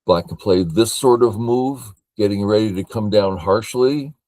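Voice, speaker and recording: An older man from California walks through a board game as a teacher, thinking aloud in a matter-of-fact way. His voice sits somewhat low and he talks very slowly. The sound is dry and close. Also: darkish tone, no echo. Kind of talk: game review lesson.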